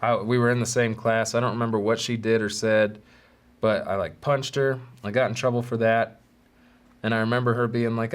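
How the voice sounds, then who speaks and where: A man's voice: medium pitch, normal speed. A man hosting his own podcast, telling stories from childhood in a candid, rambling, self-deprecating way. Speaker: podcast host. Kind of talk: solo storytelling podcast.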